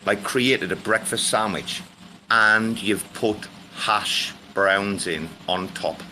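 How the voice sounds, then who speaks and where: A man's voice: on the low side, takes it slowly, pushed and bright, slight background noise. A young man hosting a casual chat, rambling through stories and swearing freely. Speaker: host.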